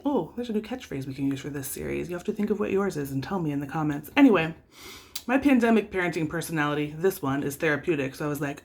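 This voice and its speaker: A woman's voice: low voice, animated, fast, creaky. A woman vlogging about parenting, with a wry, self-deprecating storytelling manner. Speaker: vlogger and mother. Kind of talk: casual vlog storytelling.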